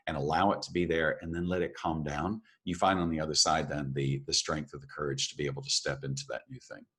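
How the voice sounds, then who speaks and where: A man's voice: a bass voice, a bit bright, husky. A man co-hosting a reflective talk show, speaking in an earnest, encouraging way and repeating phrases for emphasis. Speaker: podcast co-host.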